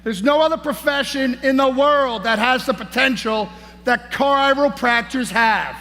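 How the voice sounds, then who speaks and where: A man giving a hyped-up motivational speech as a conference speaker on stage, shouting and peppering his lines with "man" and "baby". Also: extremely high pitch, unhurried. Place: large conference hall on stage. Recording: echoey hall, faint noise.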